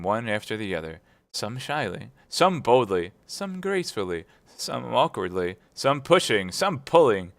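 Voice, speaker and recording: A man reading a classic novel aloud at speedrun pace, brisk and steady. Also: medium pitch, dry recording. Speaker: reader.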